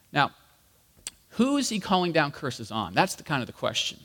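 Very animated and speaking at a normal speed, this pastor has a fairly high, fairly bright voice. His sermon is conversational and explanatory, peppered with fillers, and the recording carries a long hall reverb.

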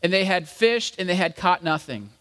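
High-voiced pastor in an echoing hall. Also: male voice, lively intonation, moderate pace, a bit bright. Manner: casual, jokey, addresses the congregation as guys; acts out quoted lines. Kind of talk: conversational sermon. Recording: long hall reverb.

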